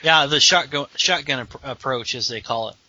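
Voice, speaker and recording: A man co-hosting a casual chat, earnest and halting, often restarting sentences. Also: medium pitch, sharp tone, no echo. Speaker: podcast co-host. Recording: dull lo-fi sound.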